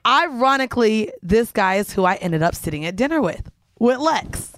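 A woman's voice: a little high, very animated, moderate pace, a bit bright. A young adult woman co-hosting a podcast, blunt and crude as she chimes in during casual chat. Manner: blunt, chiming in, crude humor. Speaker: podcast co-host.

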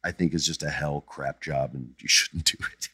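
A man's voice: a bass voice, steady tone, moderate pace, sharp tone, breathy edge, dry recording, studio quality. A middle-aged man hosting a podcast, answering listener questions in blunt, emphatic casual chat that drifts into jokes.

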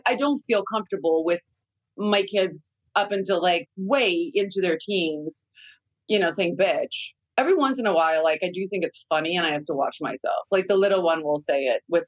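A woman's voice: on the low side, dry recording, rough recording. A middle-aged woman guest chatting casually and candidly about raising her young kids, swearing freely. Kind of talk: casual podcast chat.

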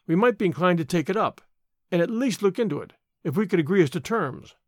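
Casting: a man as a calculating army major, cool and clipped, bright high voice. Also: animated, quick pace, no echo, studio quality. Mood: guarded. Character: scheming army major, greedy and guarded. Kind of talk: audiobook character reading.

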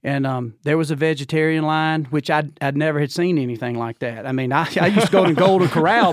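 Speaking briskly with few pauses, this Georgia man in his fifties uses his Southern drawl to tell a long, casual story as a podcast guest. He animates it by voicing the characters with big pitch leaps and laughter, recorded without echo.

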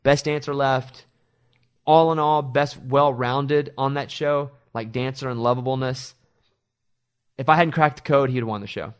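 A middle-aged man, a radio host, chatting casually and telling animated stories with quoted voices. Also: mid-range voice, moderate pace, clear, resonant tone. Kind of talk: casual chat.

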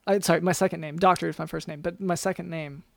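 A man co-hosting an improvised comedy podcast as a doctor, with a gravelly voice and a hesitant, rambling way of talking full of restarts. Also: on the high side, fairly even intonation, fast talker, fairly bright tone, dry recording. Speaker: podcast co-host playing a doctor.

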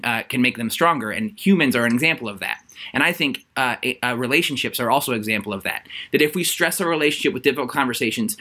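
A man's voice: medium pitch, bright, forceful tone. A man, an author and interview guest, explaining his ideas earnestly, often restarting his sentences with fillers. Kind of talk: conversational interview.

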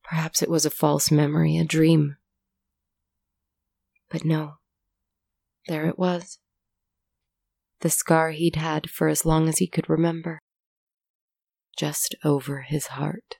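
A woman narrating a dramatic story in a measured, dramatic reading. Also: low-pitched, flat delivery, creaky, a little mellow, no room sound.

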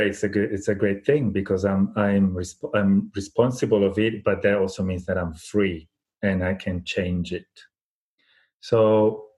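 A man's voice: lowish voice, a little mellow. A man speaking as an interview guest, telling a folk parable in a thoughtful, reflective way with frequent restarts. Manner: thoughtful, many restarts and fillers. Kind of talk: reflective conversational storytelling.

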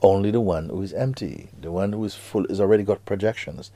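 A man giving a spiritual talk to students, slow and hushed with sudden emphatic rises, and slightly non-native grammar. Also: low-pitched, dry recording. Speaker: spiritual teacher.

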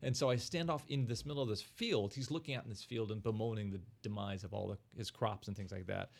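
A man's voice: lowish voice, quick pace, vocal fry. Middle-aged male podcast host, chatty storyteller, loose and amused. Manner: anecdotal storyteller, laughs while talking. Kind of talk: casual chat.

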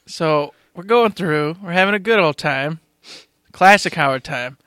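A man co-hosting a podcast, chatting casually and telling stories in an animated way. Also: a little high, measured pace, clear, resonant tone, dry recording, studio quality. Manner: animated storyteller. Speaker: podcast co-host. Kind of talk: casual chat.

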